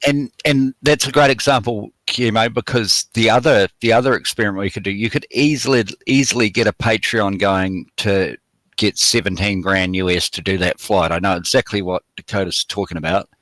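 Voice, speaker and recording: Man, low-ish voice, dry recording, calm, explanatory, debate panelist. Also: moderate pace, dry recording, poor audio. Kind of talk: live online debate.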